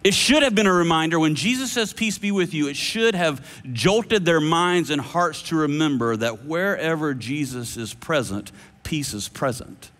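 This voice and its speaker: A man preaching a sermon, animated and playful with shifting voices. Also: on the high side, normal speed. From United States. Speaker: pastor. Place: large church hall. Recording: long hall reverb.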